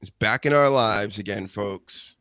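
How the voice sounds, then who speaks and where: A man hosting a casual wrestling podcast, animated and sarcastic, mocking people in high put-on voices. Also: unhurried, smooth, no room sound. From Boston area. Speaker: podcast host.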